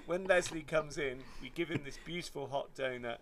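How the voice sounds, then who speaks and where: A man from England telling funny stories in a casual podcast chat, jokey and animated. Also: fairly high pitch, moderate pace, a little hiss or hum. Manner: animated, jokey, mimics shrieks.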